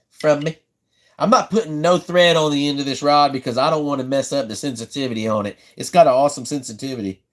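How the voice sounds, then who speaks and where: This livestream host, a man from South Carolina with a Southern accent and a mid-range voice, chats casually while building a fishing rod. His manner is laid-back, and he repeats himself as he goes.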